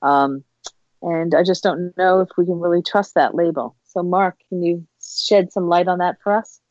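Low-voiced woman hosting a radio show. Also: normal speed, darkish tone, no echo, lo-fi sound. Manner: friendly, conversational questioning. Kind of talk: radio interview.

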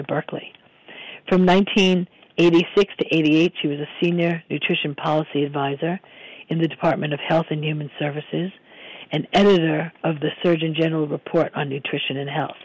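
A hoarse man hosting a radio show, his voice sitting a little higher than most men's. He talks in a relaxed, easygoing way, full of ums and small restarts. The studio sound is dry and close. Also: no echo, rough recording. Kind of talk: casual radio talk, recipe and guest intro.

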